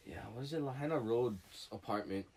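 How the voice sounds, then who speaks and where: A man's voice: medium pitch, expressive, brisk, darkish tone. A man co-hosting a casual podcast, chatty, reading out news items and laughing along. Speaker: podcast co-host.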